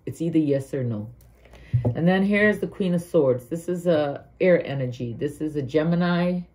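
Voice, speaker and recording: A woman with a Guyanese accent gives an earnest, heartfelt tarot reading, thinking aloud and restarting her sentences. Her voice is low and mellow, at normal speed.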